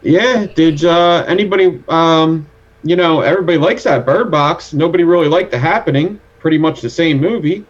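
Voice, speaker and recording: A man in a casual group chat, blunt and profane, cracking dark jokes. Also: fairly high pitch, normal speed, dull audio.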